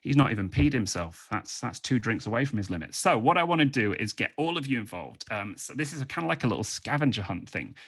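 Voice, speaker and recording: A man's voice: medium pitch, very animated, quick pace, hardly any pauses, slightly rough. A British man doing playful freestyle raps and joking chat with an online audience. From Britain. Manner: playful, joking, rapping over a beat. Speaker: performer. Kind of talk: freestyle rap and comedy patter on a video call. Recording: hip hop beat playing behind.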